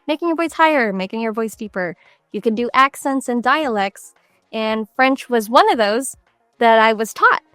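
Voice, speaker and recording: A woman's voice: a little high, fairly bright tone, dry recording. A young adult woman, a voice actress, chatting in an interview and telling stories with animation and frequent laughs. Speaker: voice actress guest. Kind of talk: casual interview chat.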